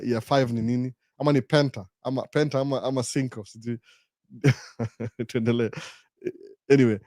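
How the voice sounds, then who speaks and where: A man's voice: medium pitch, no echo. Man in his forties, dry sound. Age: 40s. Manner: mixes English and Swahili, rhetorical questions, animated. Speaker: host. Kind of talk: live Q&A talk.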